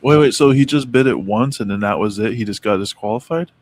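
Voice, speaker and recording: A man's voice: medium pitch, a little fast. A man co-hosting a casual talk, reading notes aloud and stumbling over names. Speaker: co-host reading Mandela effect notes. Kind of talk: casual chat.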